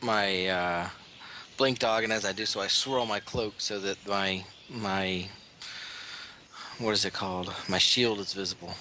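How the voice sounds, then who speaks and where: A man's voice: sits low, steady tone, unhurried. Courteous man role-playing, noisy background. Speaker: player. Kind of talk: in-character tabletop role-play.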